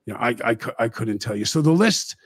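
A man's voice: mid-range voice, lively intonation, fast, slightly rough, no echo. A middle-aged man hosting a talk show, telling rambling anecdotes in casual chat.

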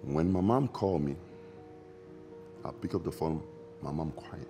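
Deep, mellow-voiced man, halting. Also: faint music behind. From Democratic Republic of the Congo. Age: 40s. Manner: halting, reflective, repeats phrases, loose grammar. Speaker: interview guest, former basketball player. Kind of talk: emotional recollection in a sit-down interview.

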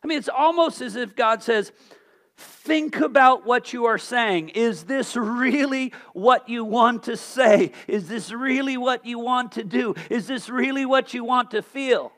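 A male pastor preaching a sermon, asking rhetorical questions and swinging from loud emphasis to hushed tones. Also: extremely high pitch, unhurried.

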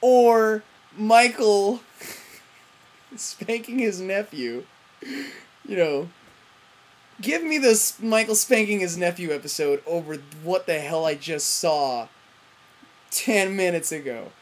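Husky woman for a rambling, profanity-laced TV review vlog. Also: fairly low pitch, animated, takes it slowly, long pauses. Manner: profane, rambling, frustrated ranting; frequent self-interruptions and fillers. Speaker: TV review vlogger. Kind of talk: ranting TV episode review.

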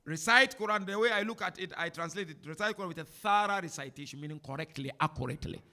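Bright, gravelly-voiced man teaching. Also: fairly high pitch, fast. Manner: animated, chatty teacher with laughs and asides. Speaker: sheikh giving a talk and answering questions. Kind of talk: informal religious lecture with Q&A. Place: mosque hall before an audience.

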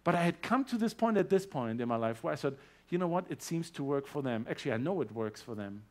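A man with a German accent giving a personal testimony in a church service, earnest and growing animated as his story builds. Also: a little high, fast. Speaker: guest speaker sharing his testimony.

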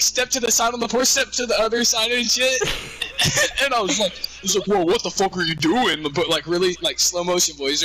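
A man's voice: very high-pitched, sharp tone, a little hiss or hum, low-quality recording. A teenage boy chatting crudely and rambling through laughing stories while gaming with friends over voice chat. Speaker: gamer.

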